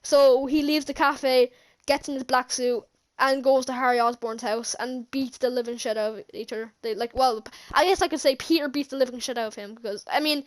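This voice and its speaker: High-pitched and fairly even in intonation, this woman talks a little fast with barely a pause. As a movie reviewer, she recaps a film in a giggly, rambling way, often starting her sentences over.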